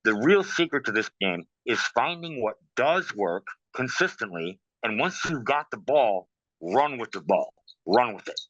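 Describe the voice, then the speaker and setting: A man talking casually in an interview, telling stories in a lively way and saying "man" and "bro" a lot. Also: mid-range voice, a little slow, no echo. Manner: animated storytelling, says "man" and "bro". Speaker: guest practitioner. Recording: dull, dry sound.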